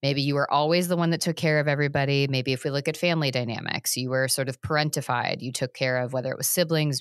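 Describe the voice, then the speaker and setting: A woman's voice: a bass voice, clear, resonant tone, no room sound, clean studio sound. A woman therapist hosting a podcast, explaining her ideas thoughtfully in casual conversation.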